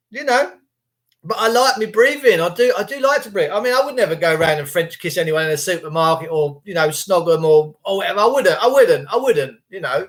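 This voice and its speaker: A middle-aged man, ranting crudely in a casual monologue. He swears, mocks others and jumps up into high voices to mimic people. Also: lively intonation, brisk, fairly bright tone.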